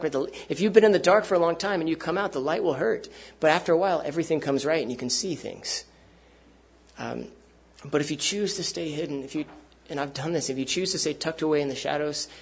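A man's voice: a little high, slightly rough. A man preaching a sermon to a gathered congregation in an earnest, conversational way.

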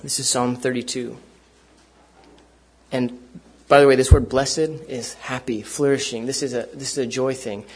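A man's voice: medium pitch, fairly even intonation, normal speed, husky. A man preaching a sermon to a gathered congregation in an earnest, conversational way.

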